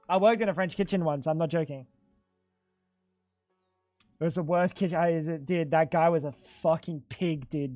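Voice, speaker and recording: A man with a rather high voice chats loosely while he plays a game on stream, cursing and tossing in "dude" every few lines. He sits close to his desk mic in a dry room with faint music underneath. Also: steady tone, normal speed, long pauses, dark tone, no echo. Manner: chatty, swears a lot, keeps saying "dude". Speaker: gaming streamer. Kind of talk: casual live-stream game commentary.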